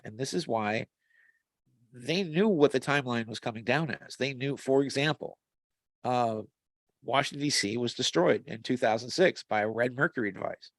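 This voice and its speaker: Gravelly-voiced man rambling in conversation. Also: mid-range voice, moderate pace, no room sound. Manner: rambling, with frequent restarts and fillers. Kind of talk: casual conversational storytelling. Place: video call. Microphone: video call mic.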